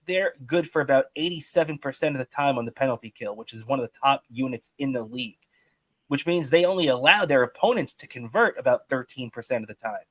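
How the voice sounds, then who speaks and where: A man's voice: mid-range voice, a bit bright, no room sound. Man, podcast co-host, mid-range voice, rambling delivery, dry close sound. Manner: rambling, many restarts and fillers. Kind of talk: casual sports talk.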